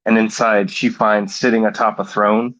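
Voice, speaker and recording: A man with a fairly low voice, chatting casually as a podcast co-host and spinning a playful, rambling story. The recording sounds a little dull and lo-fi. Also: little pitch movement, normal speed, fairly bright tone. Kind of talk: casual chat, improvised movie pitch.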